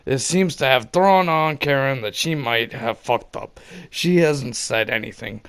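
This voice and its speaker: Gravelly man reading a story. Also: medium pitch, measured pace. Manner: shifts from wry asides to shouted re-enactments. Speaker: reader of online stories. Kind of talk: reading a story aloud with commentary.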